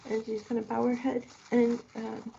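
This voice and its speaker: A woman playing a tabletop game, describing her character's actions in a soft, hesitant way with many pauses, on muffled audio. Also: on the high side, monotone, vocal fry, a little hiss or hum. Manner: hesitant, lots of ums, soft.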